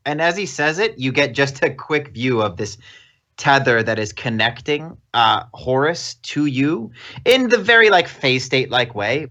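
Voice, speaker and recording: A man narrating as game master of a tabletop game on a live stream, relaxed and easily laughing. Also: mid-range voice, dull audio.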